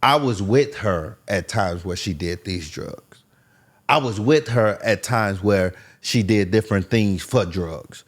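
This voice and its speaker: A man's voice: lowish voice, slow pace. A man as a podcast guest, earnestly telling his life story and repeating phrases for emphasis. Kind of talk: candid personal story.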